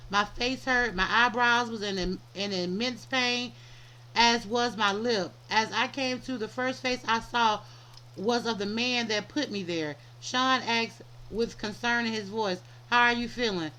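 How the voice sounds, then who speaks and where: Woman podcast host reading a book aloud, bright and slightly high, stumbling through with restarts. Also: unhurried, poor audio. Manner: stumbling reading with frequent restarts and self-corrections.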